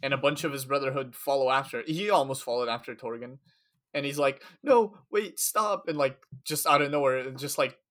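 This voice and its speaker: Guy rambling through a story recap, lots of ums and likes, mid pitch. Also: fairly bright tone. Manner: rambling, lots of fillers and acted quotes. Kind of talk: casual chat recapping a story.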